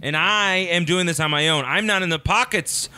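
Deadpan bright-voiced man. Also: high-pitched, normal speed, smooth, no room sound, clean studio sound. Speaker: podcast co-host. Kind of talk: deadpan comedic podcast bits.

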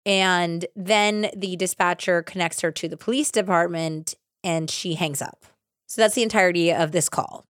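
A woman hosting a true crime podcast, casually retelling a case with animated acted-out quotes and lots of "like". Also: lowish voice, moderate pace, dry recording, clean studio sound. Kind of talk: casual storytelling.

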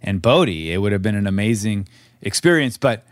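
Low-voiced candid middle-aged man. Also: animated, a little fast, no echo, studio quality. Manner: candid, rambling, with frequent restarts and laughs. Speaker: podcast co-host, actor. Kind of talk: casual podcast chat.

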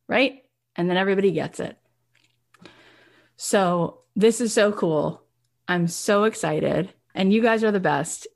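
Low-voiced effusive woman coach. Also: a little slow. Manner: emotional, effusive, full of fillers like "right?" and "you guys". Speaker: business coach and podcast host. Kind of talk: motivational coaching talk.

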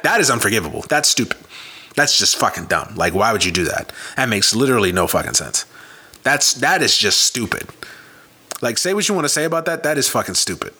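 A man's voice: medium pitch, pushed and bright. A man giving a profane, emphatic sports rant, repeating his points with heavy emphasis. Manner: profane, emphatic, repetitive ranting. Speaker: sports commentator.

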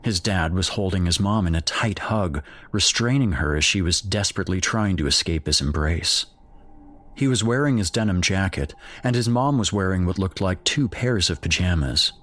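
A man reading a horror story aloud as its narrator in a measured, grave storytelling manner. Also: low voice, lively intonation, fairly bright tone.

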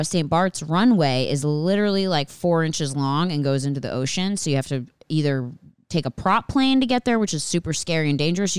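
Woman host, low and smooth, profane rambling storyteller. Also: no echo, studio quality. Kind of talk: casual storytelling monologue.

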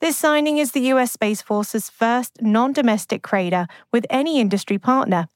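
A woman co-hosting a news podcast, reading stories in a measured, clear newsreader manner. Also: fairly high pitch, dry recording. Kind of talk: scripted news reading with banter.

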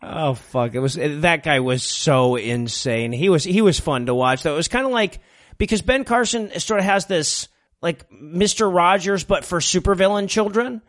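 Male co-host, high voice, profane sarcastic rambler. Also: normal speed, a bit bright. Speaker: podcast co-host. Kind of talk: casual comedic chat.

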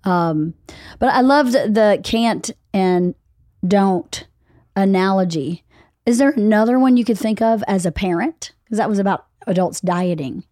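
A woman's voice: mid-range voice, a little slow, dry recording, studio quality. Chatty mother hosting a podcast. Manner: animated storyteller, acts out quotes. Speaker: podcast host. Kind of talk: casual podcast conversation.

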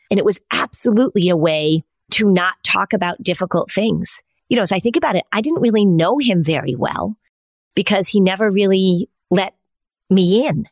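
A woman's voice: lowish voice, no room sound. A woman in her fifties co-hosting a podcast, who talks thoughtfully and keeps asking her guest questions. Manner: inquisitive, thoughtful, asks follow-up questions. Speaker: podcast co-host. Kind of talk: casual conversation.

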